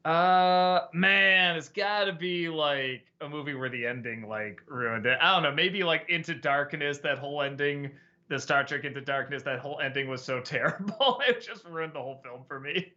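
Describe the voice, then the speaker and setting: A man's voice: fairly high pitch, normal speed, bright, forceful tone, dull audio. A man hosting a casual livestream chat who reacts to viewer questions, laughs often and stammers on restarts. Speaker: show host answering chat questions.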